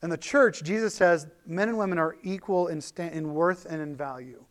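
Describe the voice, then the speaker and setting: High-voiced man preaching conversationally. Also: moderate pace. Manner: conversational, animated preaching with many restarts and fillers. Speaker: pastor. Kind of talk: sermon.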